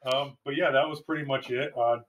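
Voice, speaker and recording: A man's voice: medium pitch, steady tone, fairly quick, a bit bright, a little hiss or hum. A man hosting a casual sports chat, easygoing and a little hesitant. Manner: easygoing, hesitant, uses fillers. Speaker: host.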